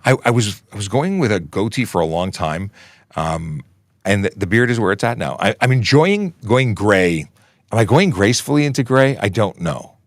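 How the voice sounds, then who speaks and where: A man's voice: on the low side, big pitch swings, moderate pace, no room sound, studio quality. Upbeat chatty man hosting a livestream. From Canada. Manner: chatty, upbeat, rambling asides. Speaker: livestream host, police constable. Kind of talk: casual livestream talk.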